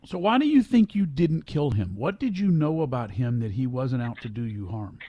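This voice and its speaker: A man's voice: mid-range voice, sing-song, moderate pace, dark tone, dry recording, dull audio. A man hosting a radio interview, asking probing, conversational questions. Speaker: radio host.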